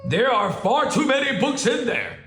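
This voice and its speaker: Brief: dad putting on a grumpy pompous storybook bear, huffy and raised, roomy home echo. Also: male voice, very high-pitched, wildly swooping pitch, normal speed, a little hiss or hum, pitched above the performer's own voice, full character voice. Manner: huffy, haughty, grows louder. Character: grumpy fussy male bear, pompous, easily annoyed.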